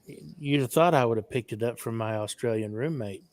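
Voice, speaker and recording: A man's voice: mid-range voice, moderate pace, darkish tone, dry recording. Rambling older man, dry close sound. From Texas. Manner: rambling, clears throat often. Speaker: guest on a livestream. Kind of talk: casual storytelling chat.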